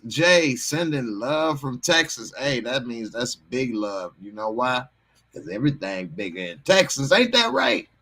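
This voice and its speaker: A man's voice: mid-range voice, gravelly, a bit bright. A man hosting a casual live stream, laid-back and chuckling as he greets chatters. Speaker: livestream host.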